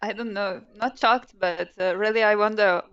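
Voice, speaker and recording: A woman's voice: medium pitch, fairly even intonation, moderate pace, a bit bright, clean tone, lo-fi sound. A woman, a non-native English speaker, playing in a tabletop game and speaking hesitantly with many fillers. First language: not English. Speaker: player. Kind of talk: casual tabletop play.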